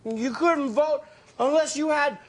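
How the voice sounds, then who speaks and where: An actor playing a drunk, rambling uncle who rants that the old days were better, in a TV comedy sketch. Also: male voice, extremely high pitch, a little slow. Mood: grumbling. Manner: slurred, rambling, ranting about the old days. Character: drunk grumbling nostalgic middle-aged male uncle. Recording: played-back TV clip with loud hiss.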